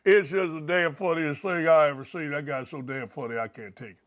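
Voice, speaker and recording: A man's voice: a little high, fairly even intonation, a little fast, no room sound, studio quality, pitched below the performer's own voice, lightly acted. Guy doing a sarcastic gushing girl voice, drawling, fawning, mocking. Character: giggling young woman fawning over a joke.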